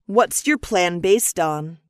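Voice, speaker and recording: Clear woman reading scripted business dialogue. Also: lowish voice, no room sound, studio quality. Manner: measured, even, clearly articulated reading. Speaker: dialogue reader and lesson announcer.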